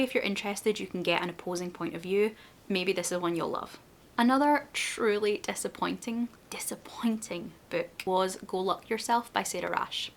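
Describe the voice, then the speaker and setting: A woman's voice: medium pitch, a bit bright. Woman venting about books. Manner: candid, exasperated complaining. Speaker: book reviewer. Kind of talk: casual book review vlog.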